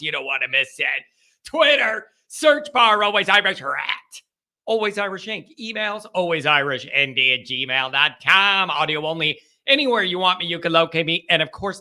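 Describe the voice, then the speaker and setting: High, bright-voiced man hosting a sports show. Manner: rambling, chatty, mildly profane. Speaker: sports talk show host. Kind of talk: casual call-in show monologue.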